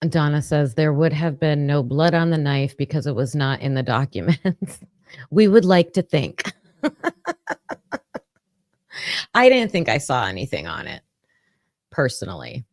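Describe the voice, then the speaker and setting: Casting note: woman, low voice, unhurried commentary, dry close sound. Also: big pitch swings, darkish tone, dry recording. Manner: thinking aloud with fillers, reading notes. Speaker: true crime commentator. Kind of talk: casual commentary livestream.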